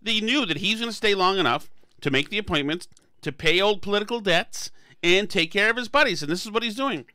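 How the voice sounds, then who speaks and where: A man's voice: high-pitched, lively intonation, brisk, sharp tone, clean tone, dry recording. A man hosting a political podcast, talking emphatically and sarcastically, often restarting his phrases. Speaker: podcast host. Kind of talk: political commentary chat.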